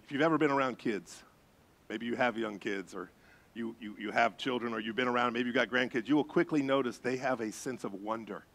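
A middle-aged man, a pastor, preaching a sermon with animated storytelling. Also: medium pitch, brisk. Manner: animated storytelling, acts out voices.

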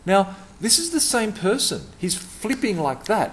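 A man's voice: high-pitched, big pitch swings, measured pace, a bit bright. A middle-aged man giving a punchy, emphatic talk to camera about customer service, repeating words for stress.

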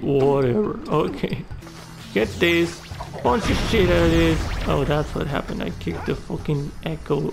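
A man narrates his gameplay in an unhurried, slightly high voice with a gravelly edge. He reacts to the game with plenty of swearing and exclamations. Game music plays clearly behind him. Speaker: gaming YouTuber. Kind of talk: let's play commentary.

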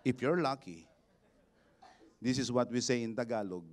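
A man, a bishop preaching a sermon, building to shouted exhortations and leading the congregation in call-and-response. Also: mid-range voice, moderate pace. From Philippines.

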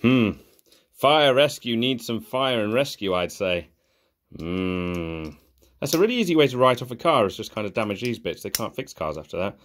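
A young man talks through a casual toy review in a sarcastic, exasperated way. His pitch jumps around a lot as he grumbles and scoffs. The talk is loose, off the cuff commentary. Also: big pitch swings, normal speed, a bit bright.

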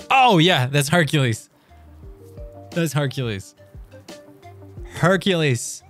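A man streaming live and chatting casually through a quiz, excitable and quick to swear as he reads lyrics aloud. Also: on the high side, faint music behind.

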